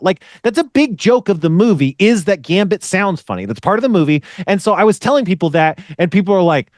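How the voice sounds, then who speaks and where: A man's voice: high voice, big pitch swings, fairly quick, few pauses, a little mellow, dry recording, clean studio sound. A man hosting a podcast in casual chat, rambling and swearing as he rants. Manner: rambling, profane, ranting. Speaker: podcast host.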